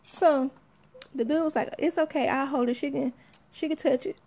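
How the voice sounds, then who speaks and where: Sassy high-voiced woman telling a story. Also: normal speed. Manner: animated, sassy, acts out quotes. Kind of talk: casual storytelling.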